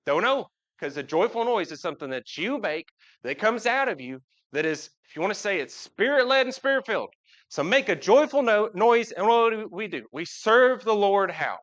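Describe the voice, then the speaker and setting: A man whose voice sits high, slightly bright with lively intonation, preaches at normal speed in a lo-fi recording. His folksy, casual sermon in a church sanctuary has him talking with the congregation and frequently asking them questions.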